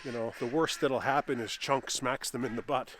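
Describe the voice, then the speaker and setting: A man's voice: mid-range voice, fairly even intonation, normal speed, a bit bright, slight background noise. A man, filming a casual farm vlog in a barn and chatting to the camera and his animals. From Canada. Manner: chatty, talks sweetly to his animals in a raised pet voice. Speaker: farmer and vlogger.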